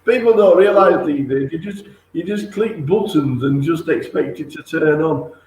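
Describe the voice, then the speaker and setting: A man's voice: fairly high pitch, normal speed, darkish tone. A man hosting a casual interview, giving encouraging short reactions and questions. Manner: encouraging, brief reactions and laughs. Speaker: host. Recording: echoey room with faint noise.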